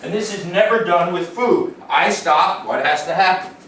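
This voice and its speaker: A man working as a dog trainer, explaining calmly to the owners and giving a dog short, upbeat praise during a demonstration. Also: high-pitched, normal speed. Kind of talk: instructional demonstration. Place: indoors in a home. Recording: roomy, distant sound with faint noise.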